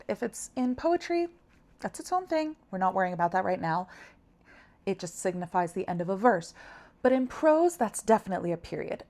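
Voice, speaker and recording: A woman's voice: medium pitch, a little mellow. Patient woman teaching a language lesson. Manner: patient, encouraging, spells out sounds slowly. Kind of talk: friendly scripted lesson.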